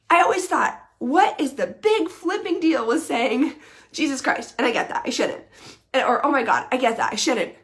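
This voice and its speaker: Woman, thirties, earnest, repeats herself for emphasis, gravelly. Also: sits high, lively intonation, normal speed. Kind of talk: casual live video talk to followers.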